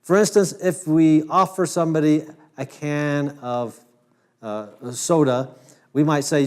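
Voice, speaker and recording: A man's voice: a little high, fairly even intonation, a little slow, darkish tone. A man from Ohio giving a lecture to camera as host, talking in a conversational way with frequent restarts. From Ohio, United States.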